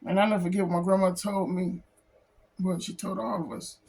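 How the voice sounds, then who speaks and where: A man who is a comic book artist, talking in an emotional personal vlog, close to tears, halting and repeating himself. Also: high voice, level tone, gravelly, darkish tone, breathy edge. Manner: halting, repeats phrases, says "man" a lot. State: tearful, close to crying.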